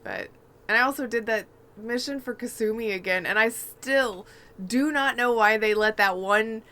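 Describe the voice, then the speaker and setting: A woman's voice: a little high, moderate pace, pushed and bright. A woman co-hosting a gaming podcast, telling rambling, chatty stories in casual conversation. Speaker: podcast co-host.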